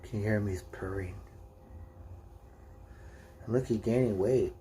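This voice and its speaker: A man vlogging casually, talking softly and affectionately to his pet cat and coaxing it. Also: on the low side, unhurried, slight background noise. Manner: soft, cooing, affectionate toward the cat.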